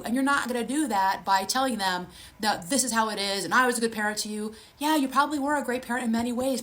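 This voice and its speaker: A woman's voice: fairly high pitch, a bit bright. A woman in her fifties, a therapist and life coach, giving earnest, direct advice to camera in a conversational way. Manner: earnest, direct, addresses viewers personally; conversational with frequent restarts.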